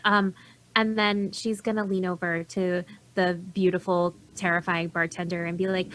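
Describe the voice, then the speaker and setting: Soft-spoken woman player, hissy line. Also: lowish voice, little pitch movement, moderate pace, poor audio. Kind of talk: tabletop role-play.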